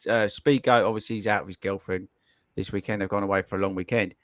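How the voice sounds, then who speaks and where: A man with a London accent hosts a casual podcast chat, speaking quickly in a fairly low, steady, slightly bright voice with no echo. He rambles, repeats himself and fills gaps with lots of "you know".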